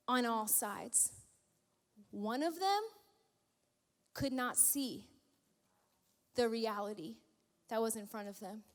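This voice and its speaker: Woman pastor, sermon, high voice, playful emphatic storytelling, long church hall reverb.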